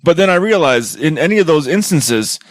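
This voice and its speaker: Male co-host, stammering, hesitant, lively pitch, dry sound. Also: a little fast, no room sound. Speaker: podcast co-host. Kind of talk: casual chat.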